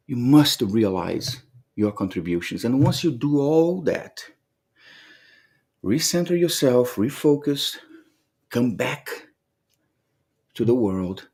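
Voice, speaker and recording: A man's voice: mid-range voice, a little mellow, breathy edge. A man giving a heartfelt, reflective motivational monologue to the camera, speaking earnestly and often repeating words as he gathers his thoughts. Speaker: motivational vlogger.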